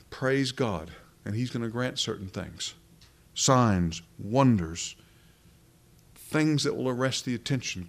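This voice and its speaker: A man's voice: mid-range voice, lively intonation, takes it slowly, vocal fry. A man preaching a sermon in an earnest, emphatic way, asking rhetorical questions as he works through scripture.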